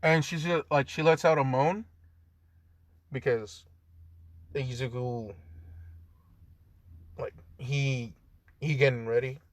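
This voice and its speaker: Slow, rambling young man telling a story. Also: mid-range voice, steady tone, no room sound. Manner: rambling, lots of fillers, swears and jokes aside. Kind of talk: casual improvised story narration.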